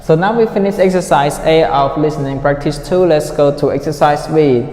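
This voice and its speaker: A man's voice: a little high, normal speed, darkish tone. Male English teacher explaining a listening exercise in an echoey room with a long reverb tail; drills pronunciation through repetition. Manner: repeats words to drill pronunciation; asks the class frequent "right?" checks. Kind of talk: classroom listening lesson.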